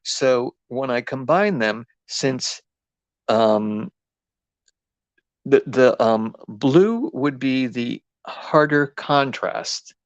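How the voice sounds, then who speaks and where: A man's voice: medium pitch, animated, very slow, dry recording, muffled recording. A man with an East Coast accent hosting a live craft demo, rambling and chatty with lots of ums and restarts. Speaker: craft host.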